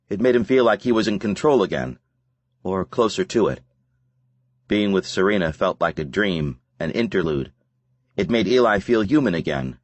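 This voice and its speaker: A man narrating an audiobook in a measured, brooding way. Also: fairly low pitch, no room sound. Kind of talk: scripted narration.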